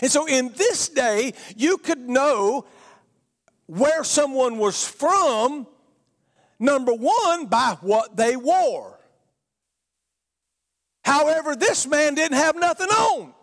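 A middle-aged pastor with a Georgia drawl preaches in a notably high voice, taking his time over each phrase. He builds emphasis and breaks into shouts on the points he wants to land. His voice carries a long reverb, as if he is filling a large sanctuary. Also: lively intonation, slow, pauses often. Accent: Southern US, Georgia. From Georgia, USA. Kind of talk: sermon.

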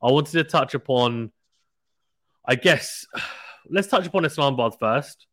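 A man hosts a casual sports podcast in a chatty, teasing way and laughs often. His voice sits at an ordinary middle pitch. The sound is close and dry, with no room echo. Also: lively intonation, unhurried, fairly bright tone. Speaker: podcast host. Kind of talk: casual cricket podcast chat.

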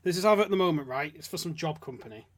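A man's voice: a little high, expressive, rapid-fire. A man hosting a podcast, ranting and swearing in casual mocking chat. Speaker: podcast host.

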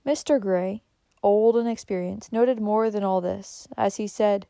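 A woman narrating a story in a measured, gentle reading manner. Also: mid-range voice, creaky, dry recording.

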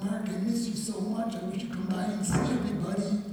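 A man's voice: sits high, steady tone, fairly quick, dark tone, a little hiss or hum, voice pushed up, lightly acted. A man voicing his affectionate younger sister in a tender, pleading way during a talk in an echoey hall. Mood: longing. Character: loving young adult little sister, affectionate and eager. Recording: echoey hall from far off, faint music.

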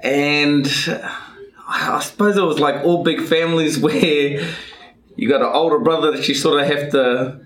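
A man with a New Zealand accent, a podcast guest telling his life story in a relaxed, thoughtful way with easy chuckles. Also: on the high side, a little slow. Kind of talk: reflective life story, casual chat. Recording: echoey room.

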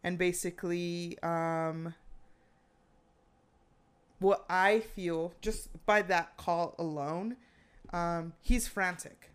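A woman chatting casually, retelling a true-crime story with animated quoted lines and frequent fillers. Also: lowish voice, drawn-out words, long pauses, smooth.

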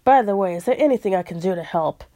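A woman's voice: medium pitch, a little fast, a little mellow, no echo, natural voice. A woman voicing a blustering old male hare soldier who talks in hearty, old-fashioned officer's slang while reading a storybook aloud. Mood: jaunty.

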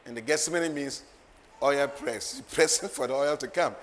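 A man's voice: mid-range voice, moderate pace. Emphatic preacher man in a reverberant hall. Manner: emphatic, swings from soft asides to loud declarations, laughs often. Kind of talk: sermon. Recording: long hall reverb, faint ambient noise.

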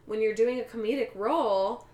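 A woman co-hosting a casual film podcast, chatty and quick to laugh. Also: fairly high pitch, warm tone, echoey room. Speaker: podcast co-host. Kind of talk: casual chat about films.

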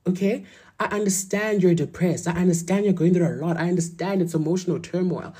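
A woman's voice: on the low side, fast, warm tone, slightly rough. A young woman giving a blunt, emphatic motivational talk, repeating her points and swearing for force. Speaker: motivational vlogger.

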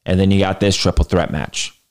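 A young man hosting a podcast, ranking matches in a blunt, slangy, animated way and brushing off critics. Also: low-pitched, fairly quick. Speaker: podcast host. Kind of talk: casual podcast ranking rant.

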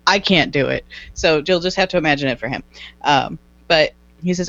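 A woman's voice: sits low, normal speed, a bit bright, no echo. A woman co-hosting a podcast in casual chat, emphatic and repeating her points. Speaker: podcast co-host. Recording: slightly dull dry sound.

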